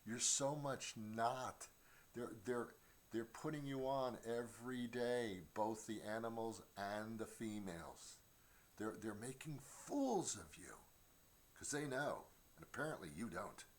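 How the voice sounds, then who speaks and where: A man's voice: medium pitch, a little slow. A middle-aged man hosting a comedy show from his home studio, rambling through a stand-up monologue with stammered restarts and mock voices. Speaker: comedian host.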